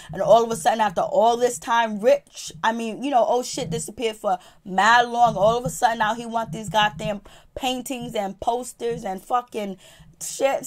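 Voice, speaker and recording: A woman reviewing a reality TV episode in a profane, animated, casual storytelling style. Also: a little high. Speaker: TV show reviewer.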